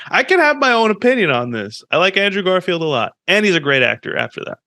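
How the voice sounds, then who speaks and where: A young man co-hosting a podcast, chatting casually and animatedly, swearing freely and quick with opinions. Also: high-pitched, big pitch swings, sharp tone, no echo. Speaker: podcast co-host. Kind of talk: casual chat.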